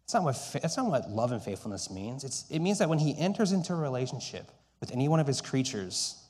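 A man preaching a sermon, telling stories and dropping between loud emphasis and hushed, quiet lines. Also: medium pitch, big pitch swings, fast talker, husky. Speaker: pastor.

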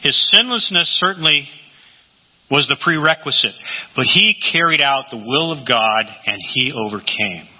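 A man preaching a sermon, telling scripture stories with lively acted-out quotes in a husky voice. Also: mid-range voice, normal speed. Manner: animated storytelling, acting out scripture quotes. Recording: tinny lo-fi recording in a reverberant hall.

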